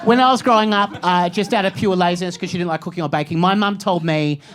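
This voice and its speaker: A man's voice: high voice, quick pace, a bit bright. A young Australian man with a chatty, self-mocking stand-up manner, dropping crude jokes and tagging his lines with "right?". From Phillip Island, Australia. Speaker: stand-up comedian. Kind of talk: stand-up comedy set. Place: comedy stage before a live audience. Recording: live stage recording with audience noise.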